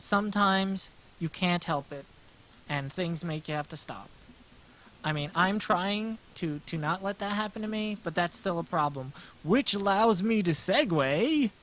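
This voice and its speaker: A male streamer and artist with a high, fairly bright voice chats casually on a livestream while sketching. He rambles, pokes fun at himself, and restarts his sentences often, all on a rough recording.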